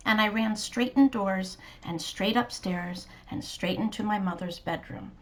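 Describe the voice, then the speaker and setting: A woman reading a children's storybook aloud in a soft, gentle, sometimes whispery manner. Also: mid-range voice, a little slow.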